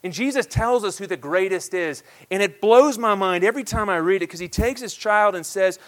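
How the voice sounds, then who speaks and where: A man in his thirties delivers a sermon in a noticeably high voice. He builds to loud, ringing declarations, then drops to quiet, hushed asides. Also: a little fast. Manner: emphatic preaching that swings between loud declarations and hushed asides. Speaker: pastor.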